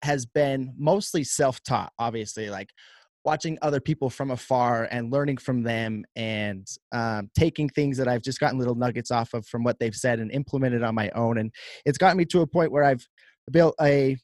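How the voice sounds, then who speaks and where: A man's voice: medium pitch, normal speed, a little mellow, dry recording, clean studio sound. A man who owns a gym and coaches, talking candidly and earnestly in a casual podcast chat. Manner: candid and earnest, restarts often.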